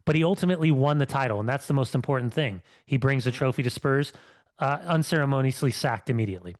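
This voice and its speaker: A man co-hosting a casual football chat, relaxed and conversational. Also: mid-range voice, quick pace, no echo. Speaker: podcast co-host, former player.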